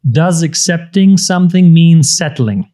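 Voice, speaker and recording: In his thirties, this business coach explains ideas conversationally, voicing inner thoughts with sudden high-pitched outbursts. His delivery is expressive and unhurried, with a dark tone.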